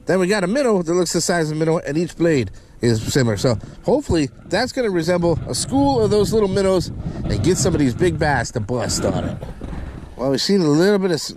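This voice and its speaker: A man hosting a fishing vlog from the water, his voice high and bouncing through a wide range. He chats through his tackle and whoops at each catch. Steady outdoor noise sits under the recording. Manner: excitable, whoops loudly at catches. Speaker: fishing channel host.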